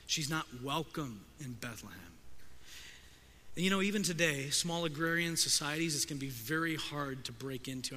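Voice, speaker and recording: A man preaching a sermon, expressive and emphatic, voicing the characters he quotes. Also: a little high, slight background noise. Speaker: pastor. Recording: long hall reverb.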